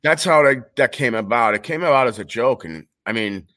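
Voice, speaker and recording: Speaking over a remote call, a collector appearing as a guest spins rambling, joking stories in casual chat with a brash New York accent. His mid-range voice is a bit bright, lively in intonation and fairly quick.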